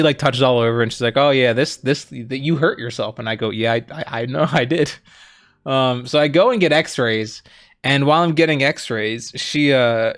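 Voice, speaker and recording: Casual rambling young man telling a story. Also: mid-range voice. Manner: rambling, lots of "like" and "um", animated quoting of others. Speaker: co-host.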